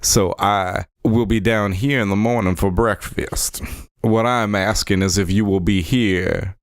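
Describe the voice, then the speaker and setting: A polite, smooth young rogue talks his way around in a put-on drawl, voiced by a player in a tabletop game. The voice is very deep. The sound is dry and close. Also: measured pace, no room sound. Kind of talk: tabletop role-play.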